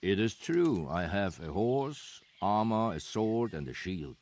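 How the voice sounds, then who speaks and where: An actor playing a guarded, secretive soldier, speaking in measured, formal video game dialogue. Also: male voice, lowish voice, very animated, a little mellow. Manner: measured, formal, stiff old-fashioned phrasing.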